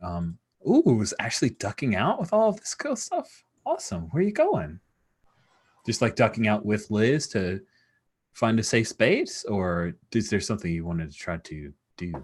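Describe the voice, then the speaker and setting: Man, low voice, game master, casual narration, filler-heavy. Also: moderate pace, husky. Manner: relaxed, chatty, many fillers.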